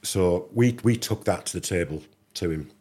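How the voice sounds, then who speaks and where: A middle-aged Englishman appears as a podcast guest, telling a casual anecdote with animation and acting out the dialogue. His husky voice sits low and moves at a normal speed.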